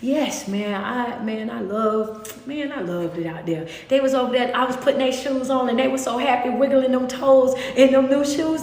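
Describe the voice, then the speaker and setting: A woman motivational speaker, talking casually on a livestream, animated and preachy, breaking into high excited bursts. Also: brisk. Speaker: motivational speaker and life coach. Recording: echoey room with long reverb.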